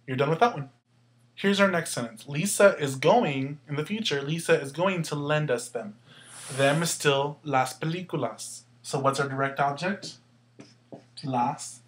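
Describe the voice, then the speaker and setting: Man, fairly high voice, teacher walking through grammar steps, poses and answers his own questions. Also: a little slow. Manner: asks questions and answers them himself; carefully sounds out words to show stress. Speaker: Spanish teacher. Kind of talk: explaining grammar step by step.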